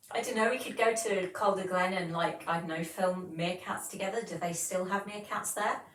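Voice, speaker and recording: A woman's voice: mid-range voice, steady tone, moderate pace, a bit bright, roomy sound, distant mic, a little hiss or hum, rough recording. A woman, hosting a casual livestream and chatting as she reads viewer comments aloud. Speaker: livestream host.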